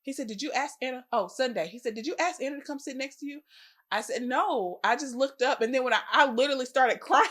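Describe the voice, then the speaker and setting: A woman's voice: high-pitched, fast, fairly bright tone. A young adult woman chats casually as a podcast co-host. She tells stories animatedly, acting out quoted voices with bursts of laughter. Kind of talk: casual chat.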